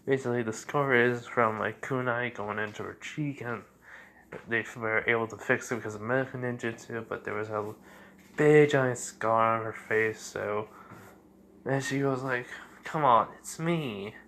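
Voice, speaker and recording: A man improvising a fan-fiction retelling, rambling along with constant fillers and corrections. His pitch sits squarely in the middle range, relaxed and unscripted. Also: moderate pace, a little hiss or hum. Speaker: storyteller.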